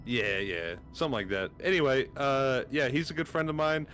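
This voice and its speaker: Easygoing man player, lively pitch. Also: moderate pace, faint music behind. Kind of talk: casual tabletop game chat.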